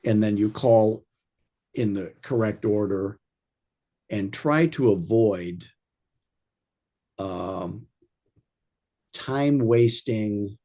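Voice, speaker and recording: A man with a low, mellow, slightly husky voice gives an informal sales training talk. He rambles through anecdotes and drops wry jokes along the way. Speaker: real estate sales coach.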